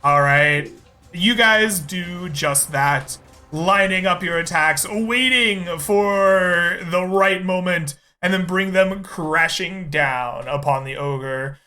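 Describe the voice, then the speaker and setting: A slow, deliberate male game master with a bright, high-set voice, laughing easily as he narrates the fight. Soft background music plays under his voice. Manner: unhurried, laughs often.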